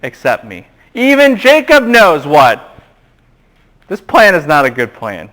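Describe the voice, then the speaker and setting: A man giving a classroom Bible lecture, animated and quizzing the students with questions. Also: fairly high pitch, slow.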